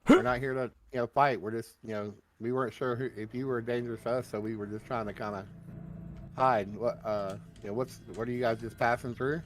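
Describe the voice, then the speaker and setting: A man playing a tabletop game, talking in character in an easygoing, calming way. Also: mid-range voice, fairly quick. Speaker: player. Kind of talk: in-character tabletop role-play.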